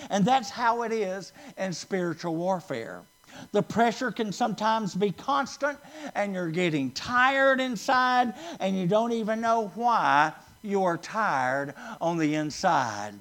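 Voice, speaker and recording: A man's voice: sits high, animated, fairly bright tone. A man preaching a sermon to a congregation, stressing key words by drawing them out and asking the listeners questions. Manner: emphatic, drawn-out stresses, asks the congregation questions.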